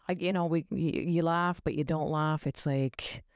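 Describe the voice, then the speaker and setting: Animated man, higher voice, candid chat. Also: a little slow, smooth, dry recording, studio quality. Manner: animated, quotes himself in mock voices.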